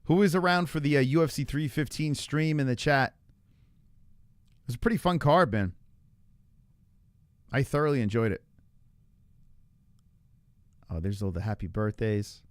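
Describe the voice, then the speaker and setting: A man's voice: mid-range voice, lively intonation, normal speed, long pauses, no room sound. A man hosting a casual livestream, ranting and joking with chat, often profane and mocking. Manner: ranting, mocking a chatter in a put-on voice; profane and jokey. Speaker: livestream host.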